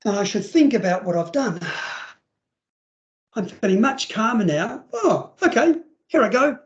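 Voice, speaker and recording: A man's voice: high-pitched, very animated, unhurried, highs cut off, voice pushed up. A man acting out a falsely serene, apologetic child in a mock-sincere, sing-song voice.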